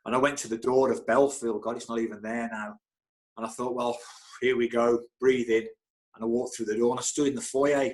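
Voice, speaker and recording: A man's voice: mid-range voice, flat delivery, fairly quick. A middle-aged man, a football club physio, chatting as an interview guest, telling stories animatedly with frequent stumbles, restarts and chuckles. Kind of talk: casual anecdotal storytelling.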